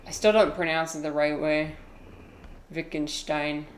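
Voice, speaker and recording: Giggly, chatty woman streamer, slightly low voice. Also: fairly quick, a little hiss or hum. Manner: chatty, giggly, self-deprecating, reads chat aloud. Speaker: livestreamer playing a game. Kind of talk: casual live-stream chat.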